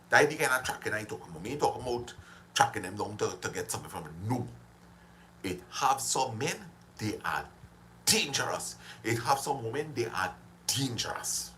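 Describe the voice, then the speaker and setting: Man, mid-pitch, motivational live streamer, repetitive and preachy, slight hum in the audio. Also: pushed and bright, rough recording.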